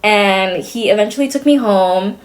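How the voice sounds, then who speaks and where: A woman's voice: medium pitch, normal speed. A young adult woman streamer chatting casually to her viewers, blunt and sarcastic, swearing freely.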